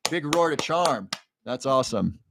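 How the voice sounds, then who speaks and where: A man hosting a live stream, reading viewer comments and coaching them with quick, earnest questions. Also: medium pitch, lively intonation, background noise. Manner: encouraging, coaching with rapid questions; earnest, emotional at times. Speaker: livestream host.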